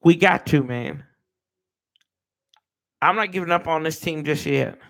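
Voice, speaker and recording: A fired-up man rants to his live-stream viewers. His high voice has a gravelly edge, and he swears freely and calls everyone y'all. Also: a little slow, a bit bright. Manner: fired-up, ranting, profane. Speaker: sports fan show host.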